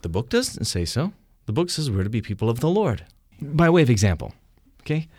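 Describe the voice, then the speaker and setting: A man's voice: medium pitch, fairly quick, husky, no room sound, studio quality. A man leading a conversational theology discussion, explaining through vivid examples and often asking whether the others see his point. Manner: animated explainer, shouts quoted lines in vivid examples, asks "you see?".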